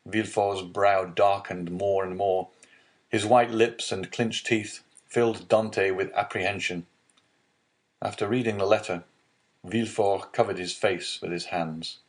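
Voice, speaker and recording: Male audiobook narrator, lower register, measured classic-novel reading. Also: steady tone. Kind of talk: scripted narration.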